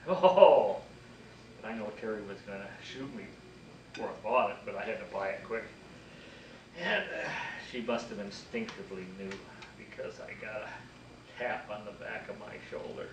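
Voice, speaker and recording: An older man telling a folksy personal story to an audience, animated and chuckling at his own jokes. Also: on the low side, normal speed, distant mic, slight background noise. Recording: echoey room, recorded from afar.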